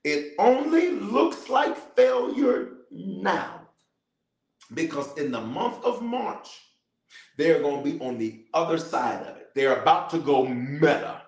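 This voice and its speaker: A man leads prayer and teaching for an online congregation, repeating his lines and waiting on viewers to answer. His pitch rises and falls with plenty of life and sits a touch high for a man. The sound carries a noticeable room echo. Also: slow. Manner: animated preacher, repeats phrases, calls for responses. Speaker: bishop leading online prayer. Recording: roomy echo.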